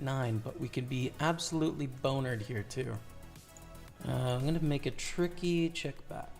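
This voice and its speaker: A man with a Canadian accent commentating his own poker play on a live stream, chatting casually and hyping up his viewers. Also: mid-range voice. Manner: casual, hyped shout-outs to chat.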